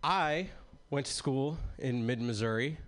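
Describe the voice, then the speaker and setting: A young man doing stand-up with a dry, measured delivery. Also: medium pitch, a bit bright, a little hiss or hum. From Egyptian family. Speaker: stand-up comic. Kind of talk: stand-up comedy set.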